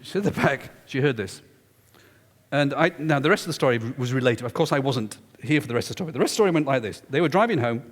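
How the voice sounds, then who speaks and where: A man's voice: mid-range voice, lively intonation, quick pace. A man telling a story during a public lecture, emphatic and confiding. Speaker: guest lecturer. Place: lecture hall. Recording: echoey lecture hall.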